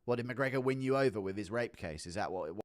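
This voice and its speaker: A man's voice: fairly low pitch, animated, fast. A man from Canada, a streamer joking crudely while reading out donations. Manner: crude, mocking jokes. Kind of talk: casual livestream chat reading donations.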